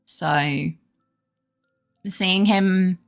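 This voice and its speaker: Gravelly low-voiced woman streamer. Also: very slow. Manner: chatty, rambling, gushing about her dog; baby-talk voice toward her dog. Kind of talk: casual chat with live chat. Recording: faint background music.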